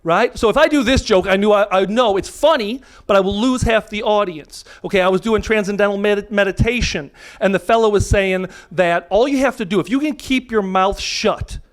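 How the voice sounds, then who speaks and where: A man's voice: high-pitched, normal speed, few pauses. A man from the United States doing a live stand-up comedy set, brash and profane, often cutting himself off mid-thought. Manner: brash, profane, self-interrupting delivery. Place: live comedy venue with audience. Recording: audience laughter cutting over the mic.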